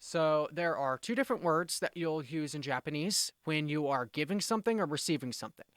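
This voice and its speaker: A man talks through vocabulary in a casual lesson, his voice smooth and resonant and set a little high. He explains at an easy pace, circles back to restate points, and acts out brisk example phrases. The sound is dry and close, with almost no room around it. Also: lively intonation, a bit bright, dry recording. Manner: explanatory, self-correcting, with brisk demonstrations. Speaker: language teacher.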